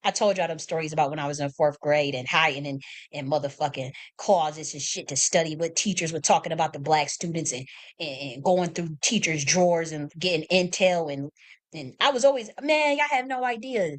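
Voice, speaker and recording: A woman's voice: low voice, fairly quick. An American woman hosting a livestream, talking off the cuff in a blunt, profane, impassioned way, rambling and restarting her sentences. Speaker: livestream host. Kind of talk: unscripted livestream monologue.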